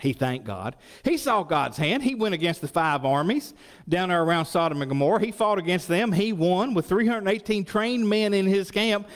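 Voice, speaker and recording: A folksy middle-aged pastor with a drawl, preaching in a lively sing-song voice that leaps up and down. His pitch sits a touch high for a man, and his words ring out with a long reverb through the church sanctuary. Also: normal speed. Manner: folksy, animated, asks the congregation questions. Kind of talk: sermon.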